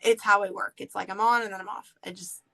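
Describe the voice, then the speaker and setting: A woman's voice: mid-range voice, quick pace, vocal fry, rough recording. Candid woman telling a personal story. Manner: candid, animated, laughs often. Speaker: podcast host.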